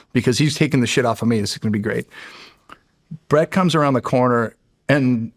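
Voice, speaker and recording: A middle-aged man, a podcast guest, telling a story in casual, animated fashion, often laughing and restarting his sentences. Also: mid-range voice. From United States. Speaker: podcast guest, former Navy SEAL.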